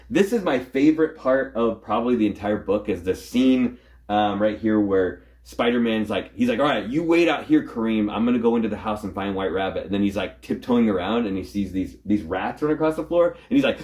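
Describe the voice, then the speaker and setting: A man hosting a casual comic book chat, recapping a story in a rambling way and acting out the characters' lines in quick voices. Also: fairly low pitch, animated, darkish tone. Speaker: comic book show host.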